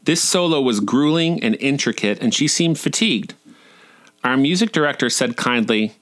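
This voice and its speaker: A man's voice: medium pitch, lively intonation, normal speed, a bit bright. A man in his forties reading his own humorous personal essays in a wry, irreverent, playfully profane way. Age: 40s.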